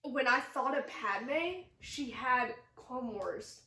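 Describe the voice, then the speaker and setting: A woman co-hosting a casual chat about an episode, chatty and giggly with quick jokes. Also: sits high, animated, bright, forceful tone, distant mic. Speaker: podcast co-host. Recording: roomy room, away from the mic, faint hiss.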